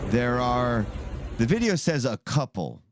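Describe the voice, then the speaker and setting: A man's voice: mid-range voice, very animated, unhurried, background noise. A man hosting a casual chat show, rambling and often putting on mocking voices. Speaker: podcast host.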